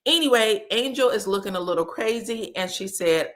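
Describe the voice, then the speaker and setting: A woman's voice: mid-range voice, moderate pace. Chatty gossiping woman recapping TV. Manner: chatty and gossipy, acts out quotes in animated voices. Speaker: reality TV recap host. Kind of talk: casual recap commentary.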